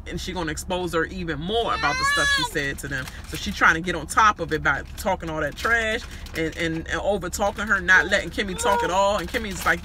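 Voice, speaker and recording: A man with a high, piercingly bright voice runs through a reality show recap in loose, cursing chatter. He throws himself into the retelling and acts out each side of the arguments. A faint hum of passing traffic sits underneath. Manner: animated, fast retelling with vivid voices for others. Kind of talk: casual profane recap, acting out quotes.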